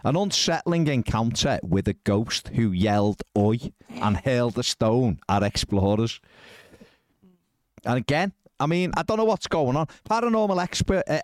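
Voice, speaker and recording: A man's voice: on the low side, dry recording, studio quality. A man hosting a podcast, reading out news stories with wry, disbelieving asides. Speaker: podcast host.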